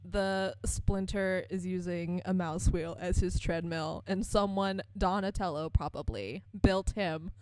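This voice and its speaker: A young woman talks slowly and thoughtfully as a podcast co-host, laughing easily. Her voice is dry and close, with no room sound. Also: fairly low pitch, steady tone, a little mellow, no room sound. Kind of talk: casual chat about a cartoon.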